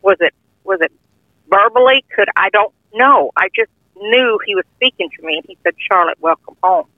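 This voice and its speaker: A woman's voice: mid-range voice, lively intonation, normal speed, no room sound. An older woman earnestly telling a heartfelt personal testimony in plain, informal speech. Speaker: guest sharing a testimony. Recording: tinny phone-line audio, dry.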